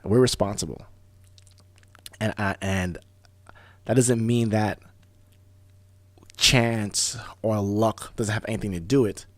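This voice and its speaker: A man hosting a talk radio show, telling stories in a casual, animated way, often restarting words. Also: lowish voice, no echo. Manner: animated storyteller, fast bursts, repeats and restarts words. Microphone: studio microphone.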